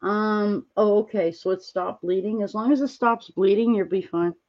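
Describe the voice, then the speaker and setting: A woman streaming, chatting casually with viewers while she crafts, rambling and gently reassuring them with lots of fillers. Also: mid-range voice, normal speed, dull audio. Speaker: livestreamer answering chat.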